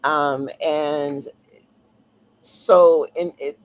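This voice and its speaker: A woman with a fairly low voice speaks slowly and thoughtfully as an interview guest. She pauses often and fills the gaps with ums while she restarts her sentences. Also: steady tone, poor audio. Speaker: author guest. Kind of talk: casual interview talk.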